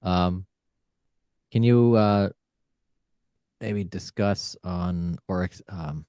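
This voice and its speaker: A man's voice: low voice, extremely slow, warm tone, smooth, no echo, studio quality. A man hosting an interview, asking questions hesitantly with many fillers. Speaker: interview host. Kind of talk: casual interview.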